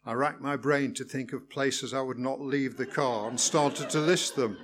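A man's voice: medium pitch, steady tone, normal speed, background noise. A man reading a first-person story aloud in a wry, good-humoured way. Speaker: narrator.

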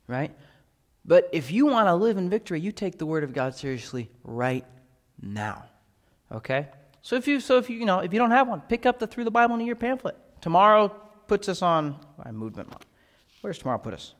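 A man's voice: on the high side, very animated, moderate pace. Guy pastor preaching, pushy and earnest, keeps asking right?, big hall reverb. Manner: emphatic, repeatedly asking "right?". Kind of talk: sermon.

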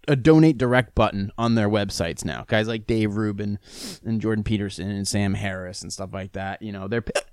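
A man's voice: mid-range voice, smooth, no echo. Guy with the hiccups ranting on his podcast, swears a lot, dry close sound. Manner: rambling, profane and self-mocking. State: has the hiccups. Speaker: podcast host. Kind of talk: casual solo podcast rant.

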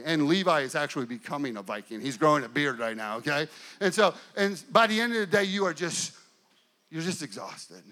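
A middle-aged man preaches a sermon, driving his points home through repetition and deliberate slow passages. His voice sits a touch high and rings bright and forceful. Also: lively intonation. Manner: preaching with rising and falling intensity, repetitive emphasis. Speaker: pastor.

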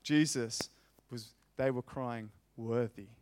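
A man preaching a sermon, reading scripture aloud and repeating phrases with rising, emphatic force. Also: medium pitch. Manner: impassioned, rising loud on repeated phrases, slow emphatic delivery.

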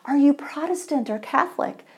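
A woman voicing an excitable churchgoing man in a joke, gushing and rising into shrill delight. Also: normal speed. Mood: eager.

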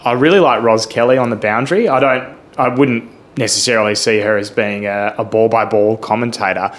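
A man's voice: fairly low pitch, steady tone, a little fast. A man co-hosting a podcast, telling stories in chatty, amused casual talk. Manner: chatty, laughing storyteller. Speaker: podcast co-host.

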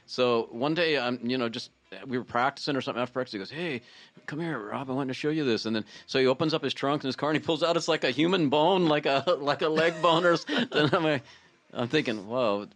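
A man, a musician guest, telling stories in a casual chat with a relaxed, drawn-out manner. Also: medium pitch. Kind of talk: casual storytelling.

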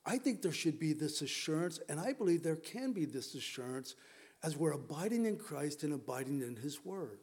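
Animated man preaching a casual sermon. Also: on the high side, moderate pace, slightly rough. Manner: conversational, animated, acts out quotes. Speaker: pastor.

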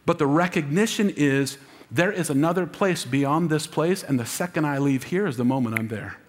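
A man's voice: a little high, normal speed, in a large hall. A man preaching an Easter sermon as lead pastor, emotional and calling on the congregation to answer back. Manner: emotional, preaching with audience call-and-response.

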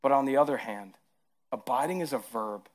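A man with a Southern accent preaching a sermon as pastor, moving between hushed, tender lines and emphatic rises. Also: mid-range voice, moderate pace.

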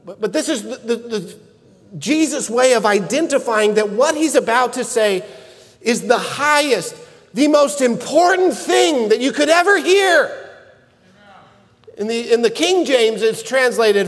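A man preaching a sermon, earnest and measured, building to emphatic shouts at key points. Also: extremely high pitch, lively intonation, long reverb tail. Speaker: pastor.

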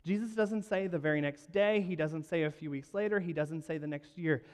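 A man with a voice that sits a little high delivers a storytelling sermon. He acts out the quoted lines, dropping to a hush and then rising to loud. His words ring out with a long reverb in a large hall. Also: fairly quick. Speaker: pastor.

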